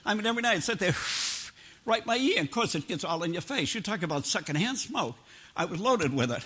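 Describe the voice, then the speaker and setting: A man's voice: sits high, lively intonation, quick pace, a bit bright, breathy edge. An older man preaching a sermon in a homespun, plain-spoken way, mixing personal stories with scripture. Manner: homespun, plain-spoken, drops into everyday grammar.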